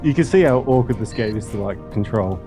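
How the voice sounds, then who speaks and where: A man's voice: fairly low pitch, lively intonation, a little fast, music in the background. A man with an Australian accent chatting in a laid-back, easygoing way as a guest on a game stream. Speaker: guest co-player. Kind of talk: casual chat.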